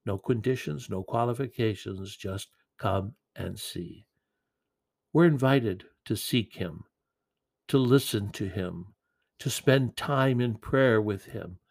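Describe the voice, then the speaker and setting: A man preaching a sermon in an earnest, gentle way, with occasional repeated words. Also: on the low side, takes it slowly, creaky.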